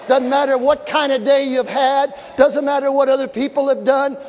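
A man preaching a sermon with fervent shouting and call-and-response to the congregation, recorded in a large church hall. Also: very high-pitched, level tone, normal speed, few pauses, slight background noise. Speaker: pastor. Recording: echoey hall with live congregation.

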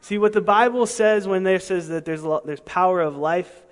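Male pastor, higher register, emphatic sermon delivery with rhetorical asides; long reverb of a large hall. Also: moderate pace. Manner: emphatic, rhetorical questions, swings between soft and loud.

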